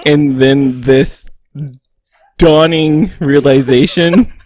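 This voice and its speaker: A man co-hosting a podcast, telling a story slowly and laughing often. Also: on the high side, steady tone, a little mellow. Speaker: podcast co-host. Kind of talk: casual chat.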